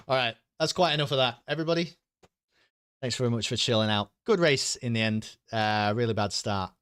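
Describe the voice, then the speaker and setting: A man's voice: medium pitch, brisk, a bit bright, clean tone, no echo. A man chatting casually with his stream audience, rambling, joking and swearing freely.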